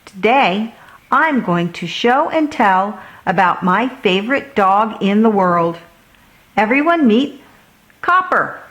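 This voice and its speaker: A woman doing a shy, gentle little boy. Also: mid-range voice, expressive, takes it slowly. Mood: proud. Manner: quiet and gentle. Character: shy, thoughtful young boy.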